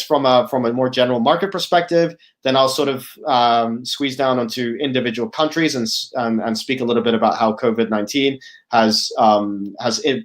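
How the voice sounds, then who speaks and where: At a conference, a male product officer gives a presentation as a guest speaker in a medium-pitched voice. He sounds hesitant, thinking aloud with many fillers and restarts and often tagging lines with "right?"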